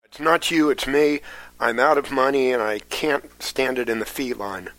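A man with an ordinary mid-range voice trades quick one-liner puns in a casual podcast chat. His delivery is brisk and informal. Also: medium pitch, a bit bright, rough recording. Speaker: podcast co-host. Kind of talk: casual pun-swapping chat.

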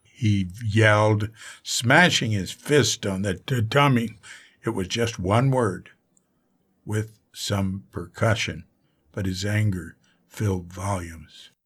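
A man narrating an audiobook in a measured, even reading style. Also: lowish voice, slightly rough. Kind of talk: scripted narration.

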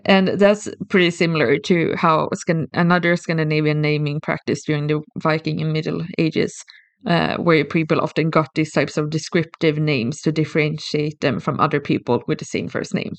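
Podcast cohost walking through stuff step by step, restarts a lot, dry close sound, mid pitch. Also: steady tone, normal speed, dry recording. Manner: thoughtful, explains step by step with restarts. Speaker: podcast co-host. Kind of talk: casual explanatory podcast chat.

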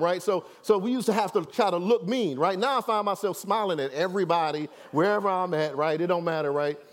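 Pastor with a fairly high voice. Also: male voice. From Detroit, USA. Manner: conversational, keeps checking in with "right?". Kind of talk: storytelling sermon.

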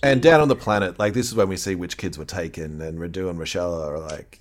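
A man with a fairly low voice, walking through a TV episode's plot in relaxed chat. He swears and laughs while he quotes the characters. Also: quick pace, hardly any pauses. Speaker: podcast co-host. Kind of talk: casual chat recapping a TV episode.

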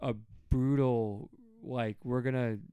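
A man's voice: mid-range voice, slow pace, clean tone, no room sound. A man in his thirties, a podcast co-host in casual Bible study chat, talking animatedly and acting out quotes. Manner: animated, acts out quotes with sudden loud jumps.

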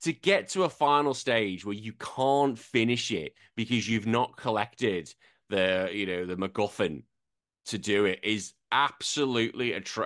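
Over a video call, a podcast host runs a casual chat, ranting animatedly and swearing. He uses headphones and a desk microphone, giving a clean studio sound with no echo, and his voice is fairly low-pitched with a fairly bright tone.

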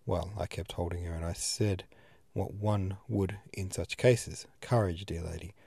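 A man's voice: sits low, fairly even intonation, a little slow, vocal fry, mellow, husky, dry recording, full character voice. A man reading as a genial old pastor. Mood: earnest. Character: elderly male pastor telling an old story.

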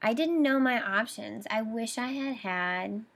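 A woman's voice: fairly high pitch, measured pace, creaky, fairly bright tone. A young adult woman hosting a podcast, retelling a painful personal story with emotion and quoted dialogue. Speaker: podcast host.

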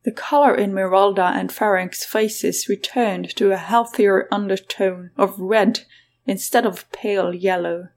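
A woman narrating a fantasy story in a scripted, even reading. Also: medium pitch, a little slow, gravelly. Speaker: audiobook narrator.

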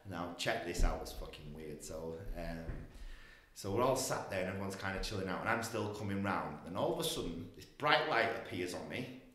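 A man telling a personal story in casual talk, acting out voices and swearing freely. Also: on the low side. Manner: animated, swearing, acts out voices. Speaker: guest. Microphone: podcast mic. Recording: echoey room.

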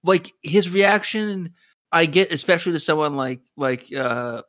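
A man's voice: fairly high pitch, animated, a little slow, a bit bright, no room sound, studio quality. A man co-hosting a podcast in casual chat, rambling with restarts and laughing as he talks. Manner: rambling, many restarts, laughs while talking. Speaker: podcast co-host.

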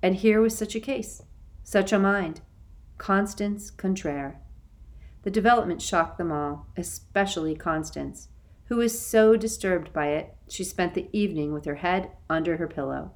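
Woman, audiobook narrator, expressive storytelling, lowish voice. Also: unhurried. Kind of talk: scripted narration.

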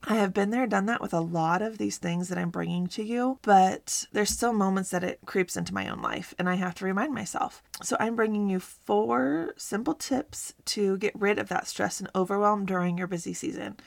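A woman's voice: mid-range voice, expressive, normal speed, creaky, hardly any pauses, no room sound. A woman in her thirties hosting a faith-based mom podcast, talking casually and earnestly from a home closet with a slightly scratchy morning voice. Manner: upbeat, earnest, encouraging. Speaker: podcast host.

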